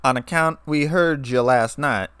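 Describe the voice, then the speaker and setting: A man's voice: mid-range voice, unhurried, a bit bright, smooth, no room sound, natural voice. A man voicing an easygoing farm-girl pony mare with a folksy, drawling, slightly tired way of talking, in a storybook reading.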